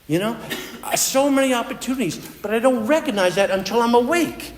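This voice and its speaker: A man's voice: very high voice, animated, brisk, a little hiss or hum. A man giving a personal recovery talk at a meeting, telling his story in an earnest, conversational way. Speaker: AA speaker. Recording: echoey hall with long reverb.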